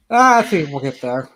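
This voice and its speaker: A host in a casual chat, talking haltingly and often repeating words. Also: mid-range voice, a bit bright, breathy edge.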